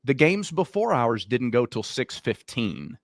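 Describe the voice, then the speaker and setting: Raspy man co-hosting sports talk. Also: medium pitch, sing-song, measured pace, no echo. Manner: apologetic, venting. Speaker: co-host.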